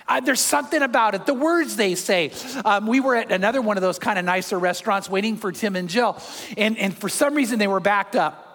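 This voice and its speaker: An older man preaching a sermon as a pastor, conversational and animated, chuckling as he goes. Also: high voice, brisk. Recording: long hall reverb.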